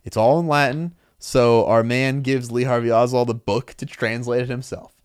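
A man casually recapping a comic book story as podcast co-host, animated, acting out quick quotes. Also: mid-range voice, clean tone, no echo, studio quality. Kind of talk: casual chat.

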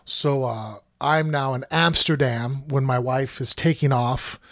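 A man's voice: mid-range voice, fairly even intonation, measured pace, fairly bright tone, no echo, clean studio sound. A man co-hosting a podcast, telling a long travel story in a casual, rambling way and acting out quoted lines. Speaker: podcast co-host.

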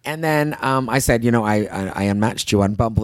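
A woman in her thirties tells stories in casual chat, her voice leaping high and low as she acts out what others said. The sound is close and dry, with no room around it. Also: quick pace, dry recording. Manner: animated storyteller, acts out quotes with big pitch jumps.

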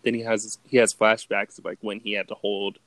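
A man's voice: lowish voice, level tone, fairly quick, fairly bright tone, no room sound. A man co-hosting a podcast, retelling movie scenes in casual chat and laughing often. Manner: laid-back, laughs often, acts out quotes in voices. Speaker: podcast co-host.

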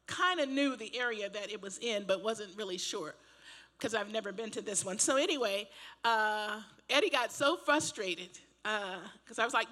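An older woman pastor preaching a sermon, telling a personal story in a chatty, animated way with laughs and asides. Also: on the high side, moderate pace. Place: church.

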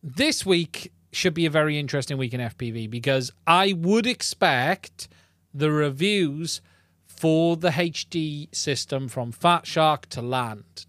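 A man's voice: on the high side, a bit bright, no echo. Chatty man hosting a live stream. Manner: chatty, rambling, with many fillers and restarts. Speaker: podcast host. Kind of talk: casual live-stream chat. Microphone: podcast mic into a mixing console.

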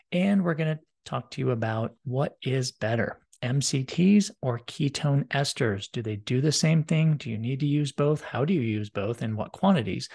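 A man's voice: medium pitch, gravelly, a little mellow. A man co-hosting a podcast, upbeat and joking in casual chat. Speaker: podcast co-host.

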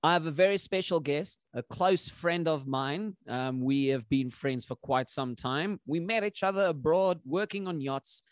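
A man's voice: on the high side, unhurried, few pauses, dry recording, studio quality. A man hosting a podcast in a playful, upbeat casual chat. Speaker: podcast host.

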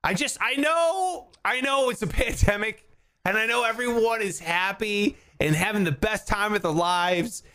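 A man co-hosting a casual chat, animated and prone to loud excited shouts. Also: sits high, moderate pace. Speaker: podcast co-host.

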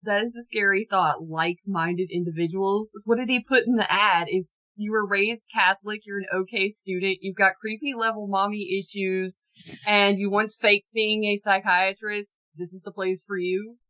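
A woman's voice: mid-range voice, fairly even intonation, normal speed, bright, forceful tone, dull audio. A woman co-hosting a casual true-crime podcast, telling the story in a sarcastic, jokey way with some swearing. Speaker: podcast co-host.

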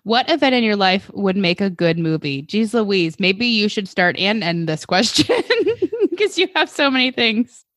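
A woman's voice: mid-range voice, sing-song, unhurried, fairly bright tone, dry recording, studio quality. A woman co-hosting a podcast in casual chat, candid and chatty, laughing easily. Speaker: podcast co-host.

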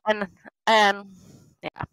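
Bright-voiced Midwestern woman chatting candidly. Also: mid-range voice, level tone, smooth, no echo, rough recording. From Midwestern United States. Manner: chatty and candid, quick to laugh. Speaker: podcast co-host. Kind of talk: casual podcast chat.

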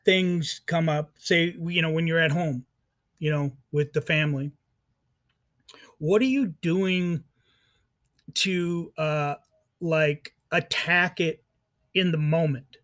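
Slow, halting male podcast host. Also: fairly high pitch, fairly even intonation, a bit bright. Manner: halting, restarts, many fillers. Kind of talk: conversational interview.

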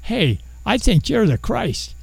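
A man preaching a sermon voices an excited outcast village woman who marvels at what she has just been told. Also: sits high, slow pace, vocal fry, slightly rough, no echo, full character voice. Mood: amazed.

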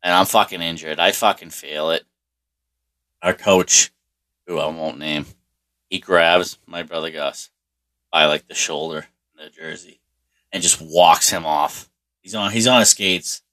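A man casually telling a rambling personal story, swearing constantly and filling pauses with "like" and "you know.". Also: sits low, steady tone, sharp tone. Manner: profane, rambling, heavy on swearing and fillers.

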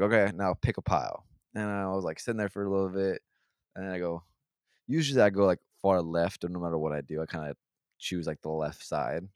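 A man's voice: sits low, no echo, studio quality. A young man telling a rambling, profane story in a casual podcast chat. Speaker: podcast co-host.

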